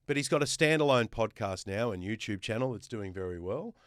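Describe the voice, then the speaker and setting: A man with an Australian accent talks in a casual podcast chat. He makes his case with firm emphasis and stacks up lists of examples. His voice is smooth and resonant, and the recording is close and dry. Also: lowish voice, animated, a little fast, a bit bright, dry recording. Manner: emphatic, builds points with lists. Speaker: guest host.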